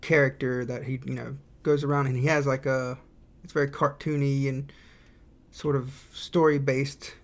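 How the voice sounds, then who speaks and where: A man's voice: medium pitch, flat delivery, normal speed. A man streaming his indie game development, chatting casually and thinking aloud while he draws and reads chat.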